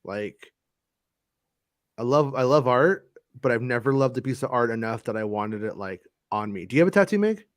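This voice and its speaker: A man's voice: mid-range voice, animated, dry recording, studio quality. A man hosting a podcast, chatting casually with swearing and frequent laughs. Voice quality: swears freely, quick laughs. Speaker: podcast host. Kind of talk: casual profane banter.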